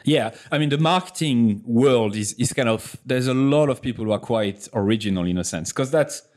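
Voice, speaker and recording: A man's voice: medium pitch, moderate pace, darkish tone. A man hosting an interview in casual chat, hesitant and often restarting his phrases. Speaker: host, interviewer.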